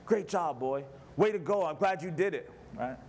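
A man with a high voice preaching to his congregation. He tells stories in an animated, conversational way and often turns to the listeners with a quick question. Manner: animated, conversational, asks the audience "right?". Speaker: pastor. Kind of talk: sermon with personal storytelling.

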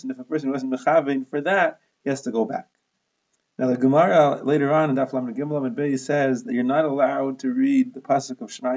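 Male Talmud teacher, gravelly and a touch high, methodical explainer, muffled lo-fi sound. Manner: steady, methodical explaining, Hebrew and Aramaic terms mixed into English. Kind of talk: explanatory lesson.

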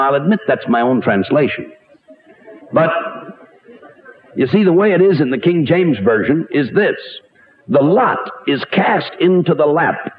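A man preaching a radio sermon, animated and rhetorical, with wide swings in pitch. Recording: tinny narrow-band radio recording.

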